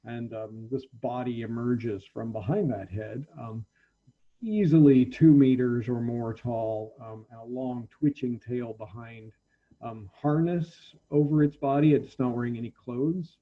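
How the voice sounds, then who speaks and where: A man narrating as the game master of a tabletop role-playing game, halting and full of ums as he describes the scene. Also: medium pitch, fairly even intonation, narrow, tinny audio.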